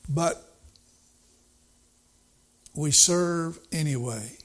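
A man's voice: a little high, unhurried, long pauses. A male preacher giving a sermon in a folksy, storytelling way, repeating his points for emphasis.

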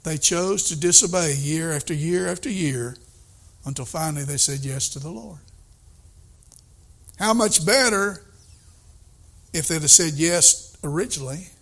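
Older man, preacher, sermon, unhurried, slightly high voice, emphatic. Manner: emphatic, swings between soft asides and excited outbursts.

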